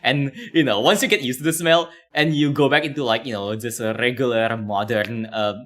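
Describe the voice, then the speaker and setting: A man's voice: medium pitch, steady tone, a little fast, fairly bright tone. A man streaming casually, commenting on a video with rambling talk full of fillers and laughs.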